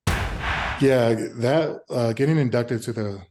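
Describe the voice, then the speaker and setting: A man in his thirties, a former pro football player, answering interview questions in a halting, easygoing way with frequent filler sounds and restarts. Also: mid-range voice. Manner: easygoing, acts out remembered exchanges.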